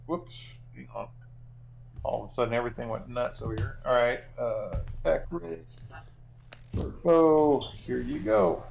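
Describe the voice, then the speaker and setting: A man's voice: mid-range voice, normal speed, vocal fry, long pauses, highs cut off. A man playing in a tabletop game, talking in a laid-back way, a bit away from his mic with faint noise behind. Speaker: player. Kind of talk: casual game chat.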